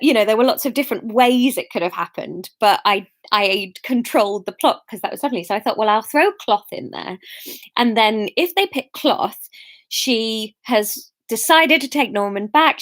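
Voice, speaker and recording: Chatty, excitable woman. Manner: chatty and rambling, often jumping up in pitch with excitement. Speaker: host reading out audience votes. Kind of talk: casual livestream chat.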